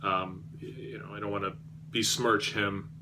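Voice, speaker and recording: A man's voice: on the low side, steady tone, moderate pace, noisy background. A man reviewing beer on his vlog, rambling and self-deprecating, with many fillers and restarts.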